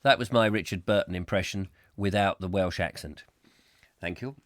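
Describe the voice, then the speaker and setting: A man's voice: low-pitched, normal speed, fairly bright tone, no echo, studio quality. A man hosting a live casual chat show, rambling and chatty, getting easily exasperated. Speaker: host. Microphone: close microphone.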